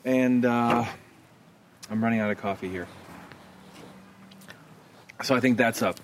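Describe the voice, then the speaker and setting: A man's voice: mid-range voice, measured pace, distant mic, slight background noise. A man hosting a podcast outdoors at his house, rambling in a casual way with plenty of fillers. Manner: rambling, conversational, many fillers. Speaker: podcast host, photographer.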